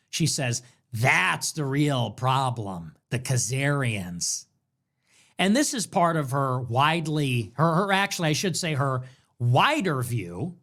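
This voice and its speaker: A man's voice: on the high side, fairly bright tone. A man hosting a commentary show, reacting to clips in a mocking, sarcastic way and repeating phrases back. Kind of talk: political commentary stream.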